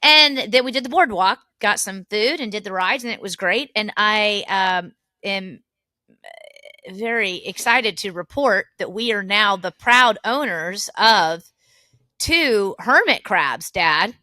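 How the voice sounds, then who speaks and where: Bright-voiced woman telling stories. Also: medium pitch, slow, dry recording, clean studio sound. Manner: animated storyteller, laughs often. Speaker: podcast co-host. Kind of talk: casual family chat.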